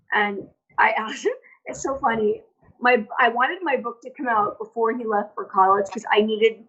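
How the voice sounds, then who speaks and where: Her voice on the high side, fairly bright and slightly rough, a woman guesting on a podcast rambles through stories with lots of "like" and restarts in a casual interview. The recording is dull and lo-fi.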